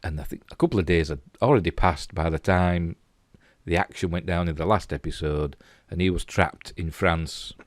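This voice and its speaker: A man's voice: deep voice, normal speed, dry recording. A middle-aged man with a Yorkshire accent, rambling casually and chuckling as he comments on pictures. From England. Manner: chatty, rambling, chuckling asides. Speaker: host.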